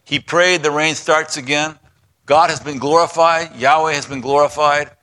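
A man preaching a sermon, retelling scripture with voiced parts, dropping to a hush for God and rising high for Elijah. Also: steady tone, moderate pace. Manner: drops to a hushed voice for God's lines, climbs high for Elijah's complaints. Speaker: pastor.

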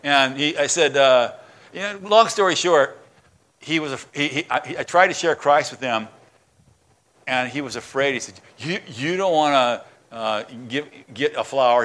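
A fired-up man preaching to his church, bright and forceful in tone. He talks with excitement, swings between loud declarations and quiet asides, and often trips over and restarts his words. His voice sits a touch high for a man. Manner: impassioned, excited, with many restarts and stumbles. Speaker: pastor. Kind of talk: sermon.

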